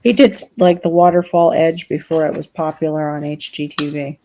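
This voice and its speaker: A woman's voice: deep voice, level tone, normal speed, mellow, slight background noise. A woman chatting casually on a family live stream, candid and wry, laughing often, picked up by a webcam mic at home. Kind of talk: casual chat.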